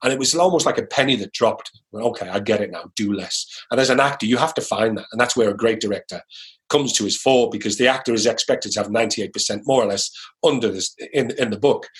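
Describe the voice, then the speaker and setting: A man's voice: on the low side, quick pace. A middle-aged British man, an actor, chatting as an interview guest, telling anecdotes and acting out the lines of the people in them. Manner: lively anecdotal storyteller who acts out quoted lines. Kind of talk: casual interview storytelling.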